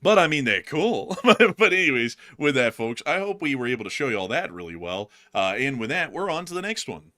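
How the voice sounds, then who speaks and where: Bright-voiced chatty male news host. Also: mid-range voice, very animated, a little fast, few pauses. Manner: chatty, laughs often, rambling. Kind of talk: casual news commentary stream.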